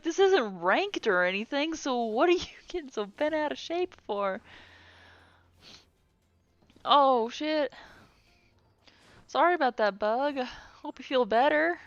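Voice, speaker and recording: Young female co-host, lively and foul-mouthed, slightly high pitch, dry dull mic. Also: no room sound. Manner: animated, swears freely, quick laughs. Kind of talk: casual gaming chat.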